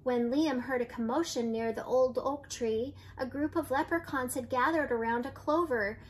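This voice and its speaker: Slight background noise accompanies a grandmother as she reads a children's picture book aloud. Her high-pitched voice moves at a moderate pace, telling the story gently and lending light voices to the characters.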